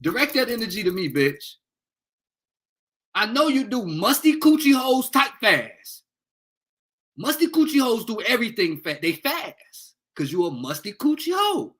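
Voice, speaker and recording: A man's voice: high-pitched, big pitch swings, a little slow, fairly bright tone. A young man on a heated livestream rant, angry and profane, taunting commenters. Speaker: livestream host.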